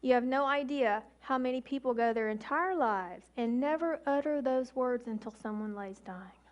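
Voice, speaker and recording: A woman in her forties, an emergency physician, giving an emphatic public talk with slow, deliberate pauses. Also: high voice, muffled recording.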